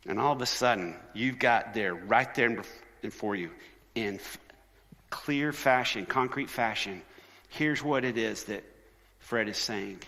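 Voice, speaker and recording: Animated male speaker in a reverberant hall. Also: mid-range voice, unhurried, creaky. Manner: animated, conversational, shifts into quoted voices. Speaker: conference speaker. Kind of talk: sermon-style talk.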